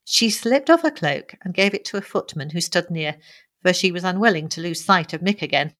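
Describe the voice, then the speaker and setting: A woman narrating a novel in an even, measured reading style. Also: lowish voice. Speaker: audiobook narrator. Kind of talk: scripted narration.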